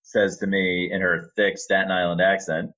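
A middle-aged man, an arena announcer, telling a relaxed story with fillers in a casual interview. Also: deep voice, normal speed, lo-fi sound. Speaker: arena announcer and sports media relations staffer.

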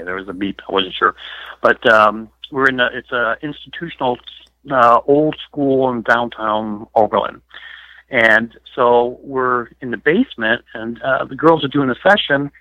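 A man's voice: medium pitch, unhurried, no room sound. A middle-aged man telling emotional stories as an interview guest, rambling with lots of fillers. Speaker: paranormal investigator guest. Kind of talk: phone interview storytelling. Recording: dull lo-fi phone line.

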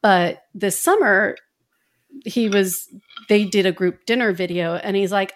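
A talkative woman co-hosting a podcast, speaking in a relaxed, casual way. She fills her sentences with little fillers and laughs often. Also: medium pitch, a little slow. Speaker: podcast co-host.

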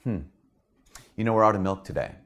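A man voicing a distracted husband who brushes off his wife with flat, dismissive replies. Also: on the low side, fairly quick, lightly acted. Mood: indifferent. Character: indifferent husband behind a newspaper.

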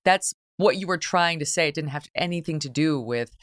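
A woman hosting an interview show in casual chat, blunt and quick to laugh and swear. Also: low voice, no echo, studio quality. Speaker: talk show host.

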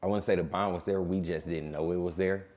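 Deep-voiced laid-back man in his late twenties. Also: a little fast. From Detroit. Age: late 20s. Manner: calm, laid-back talker. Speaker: DJ and guest. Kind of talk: casual interview.

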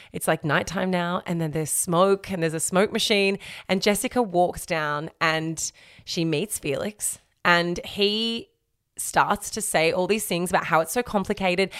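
A woman's voice: lowish voice, dry recording, clean studio sound. A woman, co-hosting a casual podcast and recapping a reality show, acting out scenes with voices. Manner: animated, acts out scenes with voices. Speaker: podcast co-host.

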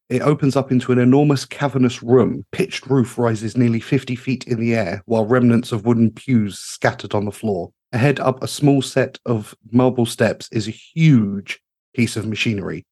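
A man narrating a tabletop game as game master in a measured, descriptive way. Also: medium pitch, a little mellow, slightly rough.

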